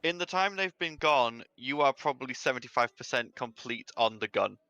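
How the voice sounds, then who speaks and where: Game master, man, bright tone, hedging rambling narration. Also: mid-range voice, expressive, normal speed, smooth, dry recording, muffled recording.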